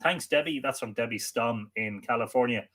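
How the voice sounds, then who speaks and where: An Irish man hosting a live stream, reading out viewer comments and greeting each person by name, friendly, with halting restarts. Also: medium pitch, sharp tone. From Ireland. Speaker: livestream host.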